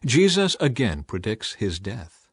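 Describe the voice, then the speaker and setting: A man giving an expressive, dramatized reading of scripture. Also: lowish voice, unhurried, slightly rough, no room sound, clean studio sound. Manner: expressive reading with a lively rise and fall. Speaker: scripture reader.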